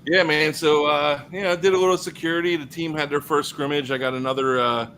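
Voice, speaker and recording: A man's voice: fairly high pitch, quick pace, slight background noise, rough recording. A man co-hosting a football podcast, talking loosely in casual sports chat with plenty of fillers. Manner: animated, loose, lots of fillers. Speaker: podcast co-host.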